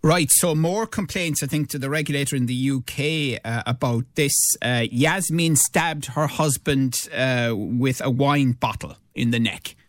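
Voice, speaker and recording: A man's voice: mid-range voice, dry recording. Man hosting a radio chat. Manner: halting, with many restarts and fillers. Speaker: radio host.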